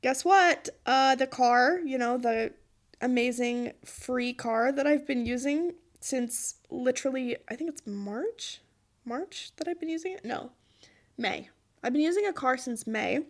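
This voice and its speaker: High-voiced woman, slow and emotional. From Utah. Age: 20s. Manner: emotional, laughing through tears; pleading, earnest. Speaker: podcast host. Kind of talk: personal monologue.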